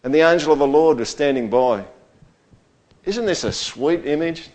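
A man preaching a sermon in a conversational way, often checking in with his listeners and swinging between quiet, low stretches and loud, high bursts. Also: sing-song, moderate pace. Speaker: pastor.

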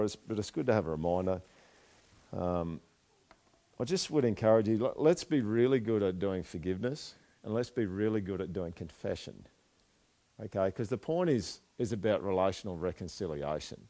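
A man's voice: lowish voice, darkish tone. A man preaching a sermon in a casual, conversational way, acting out quoted apologies with animation. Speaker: pastor.

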